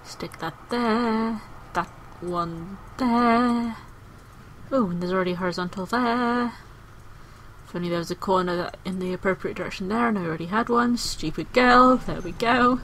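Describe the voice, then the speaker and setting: A woman's voice: mid-range voice, normal speed, fairly bright tone, slight background noise, poor audio. A woman playing a video game and commentating casually, chatty and playful with frequent exclamations. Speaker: gaming video host.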